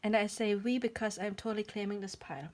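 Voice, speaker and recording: A woman's voice: mid-range voice, quick pace, a little mellow, a little hiss or hum. A woman giving a pick-a-card tarot reading on her channel. She rambles, apologizes often, talks about spiritual ideas and drops to a whisper now and then.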